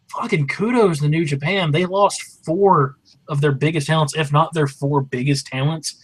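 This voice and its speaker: A man co-hosting a casual wrestling review. He speaks in an ordinary middle-pitched voice, relaxed and agreeable, and freely gives his opinions. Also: slightly rough, low-quality recording. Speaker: co-host. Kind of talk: casual chat.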